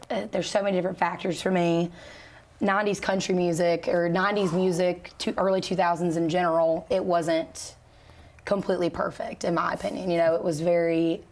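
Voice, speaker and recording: A woman singer being interviewed, talking in a relaxed, chatty way with easy laughs and plenty of fillers. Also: on the low side. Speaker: country singer and guest. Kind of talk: casual interview chat.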